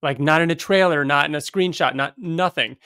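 A man co-hosting a podcast, reacting with excited, gushing chat about an episode. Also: fairly high pitch, a little fast, smooth, no echo, studio quality. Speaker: podcast co-host.

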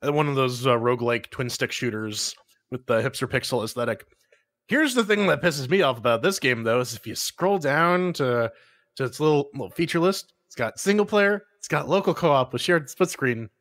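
A man co-hosting a gaming podcast, chatting excitedly and often repeating words as he gets going. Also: mid-range voice, moderate pace. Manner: animated, stumbles over repeated words. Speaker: podcast co-host. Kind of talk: casual chat.

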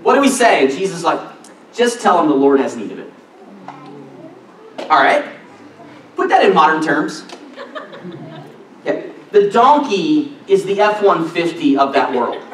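A man preaching a sermon in a church, excitable and animated, often breaking off mid-sentence. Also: a little high, measured pace, pauses often, a little hiss or hum. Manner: excitable, animated, self-interrupting. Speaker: pastor. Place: church sanctuary. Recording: echoey church hall, distant mic.

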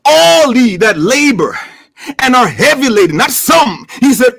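A man's voice: very high-pitched, big pitch swings, unhurried, gravelly, fairly bright tone. A man preaching a sermon in a church, building up with emphatic, repeated phrases. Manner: preaching with rising, emphatic repetition. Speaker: pastor.

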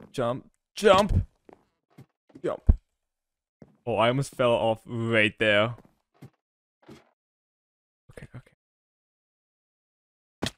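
A man talks his viewers through a game in a casual, self-narrating way, often restarting his words when irritated. His voice is smooth and clear at a middle pitch. The recording is dry and close to the mic. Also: fairly bright tone, no room sound. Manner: frustrated, self-talking, stammering restarts. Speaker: gaming YouTuber. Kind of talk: casual gameplay commentary.

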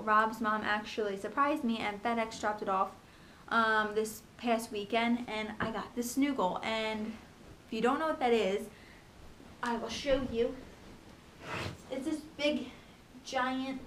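A young woman in a casual home vlog, talking fast and chattily about her pregnancy, with lots of ums and likes. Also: a little high, fairly bright tone, a little hiss or hum. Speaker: pregnancy vlogger. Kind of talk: casual chat.

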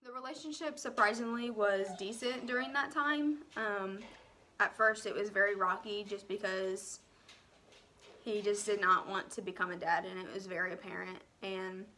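A young woman tells her own story in an emotional vlog. She sounds close to tears and speaks haltingly, often dropping to a near whisper and filling pauses with "um" and "like.". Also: mid-range voice, fairly even intonation, pushed and bright, slight background noise. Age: young adult. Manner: frequent "um" and "like" fillers.

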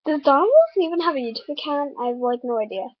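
A woman's voice: high-pitched, fast, no room sound, lo-fi sound. A woman commenting casually on her own video at home, giggling and laughing often as she talks. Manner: giggly, breaks into frequent laughter. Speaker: vlogger. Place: at home on a laptop. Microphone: laptop mic.

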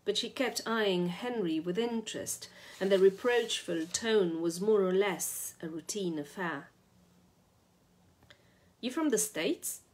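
A woman reading a short story aloud in a steady, measured way. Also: medium pitch. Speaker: reader.

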